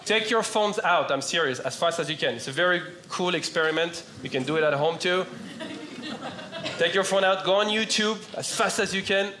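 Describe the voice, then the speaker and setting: A young man with a French accent doing a stand-up set, playful with deadpan punchlines. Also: high voice, normal speed, noisy background. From France. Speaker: stand-up comedian. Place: comedy club stage. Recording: roomy club with loud audience laughter. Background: audience laughter.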